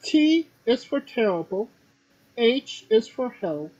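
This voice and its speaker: A host asking casual interview questions with a dry, relaxed humor. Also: medium pitch, slow pace, husky, lo-fi sound. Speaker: podcast host.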